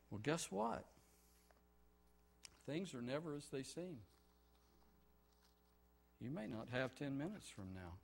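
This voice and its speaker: A man preaching a sermon with great passion, building to shouts and then dropping to quiet, pleading prayer. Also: on the high side, lively intonation, normal speed, pauses often. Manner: impassioned, swings from shouting to hushed pleading.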